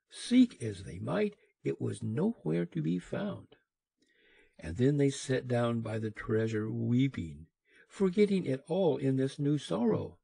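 A man narrating an old fairy tale in a slow, expressive reading. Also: medium pitch, vocal fry, breathy edge, no echo. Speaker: audiobook narrator. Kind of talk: storybook narration.

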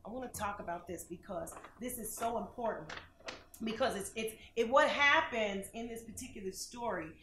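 A woman minister preaching on a TV broadcast, dramatic and questioning, swinging between loud and soft. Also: fairly high pitch, moderate pace, roomy sound, background noise. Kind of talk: preaching sermon with call-and-response.

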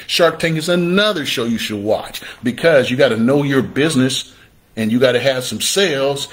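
A man teaching real estate investing on a livestream, energetic and repetitive in a call-and-response way, sometimes acting out his viewers' questions. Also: medium pitch.

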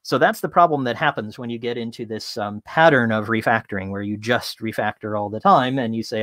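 A man giving an interactive talk from home as a tech consultant, casual and full of fillers, telling lively stories. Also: medium pitch, brisk, hardly any pauses, no room sound.

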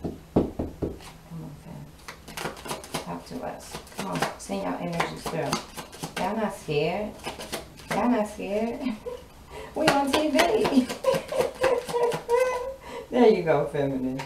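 Sassy lady doing a tarot reading, lowish voice, roomy echo, mic kinda far off, noisy. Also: expressive, takes it slowly, gravelly, long pauses. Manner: sassy, playful, talks straight to viewers. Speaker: tarot card reader. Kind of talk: casual tarot reading to viewers. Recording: roomy echo, distant mic, audible noise.

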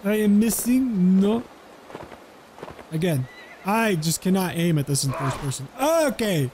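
High-voiced man chatting through a game. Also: very animated, measured pace, darkish tone, slight background noise. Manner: playful, chatty, dips into mock role-play. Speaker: gameplay commentator. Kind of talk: casual gameplay commentary.

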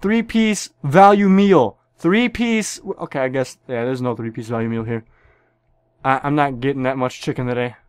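A man's voice: mid-range voice, little pitch movement, a little fast, clean tone, no room sound, clean studio sound. A young man giving profane, joking commentary on a shooter game, with sudden yelps. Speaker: gameplay commentator. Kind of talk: casual gameplay commentary.

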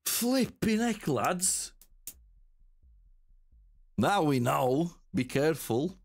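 Male streamer, casual gaming chatter, very animated pitch, unhurried delivery, faint music behind. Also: vocal fry. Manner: exclaims, laughs and chats with viewers.

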